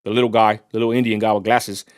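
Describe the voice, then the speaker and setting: A man's voice: lowish voice, level tone, fast, clean tone. A man hosting a live stream, giving blunt, scornful political commentary with a Texan accent, rambling with frequent restarts.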